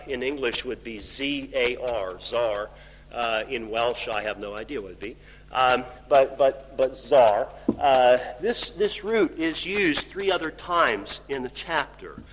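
Emphatic preacher man in echoing hall. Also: a little high. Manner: emphatic, rising to loud exclamations on key points. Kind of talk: sermon. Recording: reverberant hall with faint hum.

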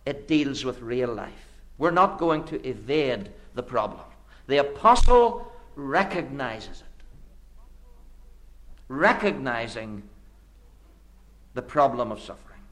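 A man preaching a sermon in an earnest, rhetorical way, building with repeated phrases and swinging between hushed low phrases and sudden emphatic rises. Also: sing-song, slow pace, pauses often.

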